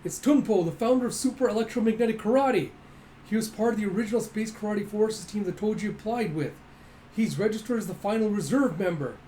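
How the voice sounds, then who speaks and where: A man's voice: high-pitched, a little fast, dark tone, slight background noise, voice pushed up, lightly acted. A man voicing an amazed male fighter who names a famous karate founder, in a raised, urgent tone.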